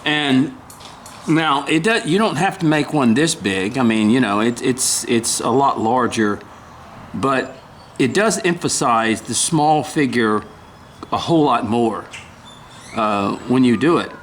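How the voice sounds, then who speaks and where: Older man, unhurried carving demo, halting speech, throat clearing, faint background hum. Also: medium pitch, lively intonation, a bit bright. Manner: halting, rambling, frequent throat clearing and apologies. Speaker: woodcarving instructor. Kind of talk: casual carving demonstration.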